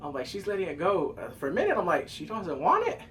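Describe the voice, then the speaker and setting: A man recapping a TV episode with animated, profane energy, his voice sitting a touch high for a man. He leaps into loud exclamations and quick mimicked asides. A faint ambient hum sits behind him. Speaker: TV episode reviewer. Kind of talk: excited casual recap commentary.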